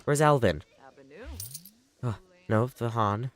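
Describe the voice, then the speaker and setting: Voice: mid-range voice, lively intonation, slow, pauses often, fairly bright tone. A livestreamer giving casual running commentary on a game, chattily bossing the characters around. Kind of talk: casual live gameplay commentary.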